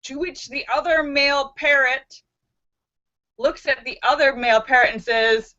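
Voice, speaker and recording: A woman with a bright, slightly high voice, hosting a live stream in an unhurried, chatty way. She greets viewers by name and reads out their jokes. The webcam audio sounds dull and lo-fi.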